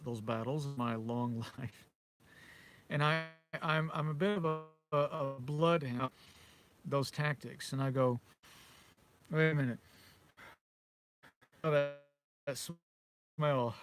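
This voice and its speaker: A British man in middle age talks straight to camera in a loose, rambling monologue, his voice sitting a little high. He circles back over his own words, repeats phrases, and breaks into small chuckles as he spins a conspiratorial tale. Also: a bit bright. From Britain. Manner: conspiratorial, repetitive, with frequent chuckles. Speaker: vlogger.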